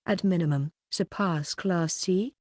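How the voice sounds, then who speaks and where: A woman doing a polite, measured schoolboy. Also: on the low side, a little mellow, no room sound, clean studio sound, natural voice. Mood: questioning.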